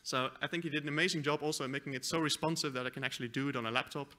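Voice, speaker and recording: A man giving a conference presentation, walking through a live software demo with a few fillers and self-corrections. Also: fairly high pitch, fairly even intonation, racing. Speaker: conference speaker. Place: conference hall.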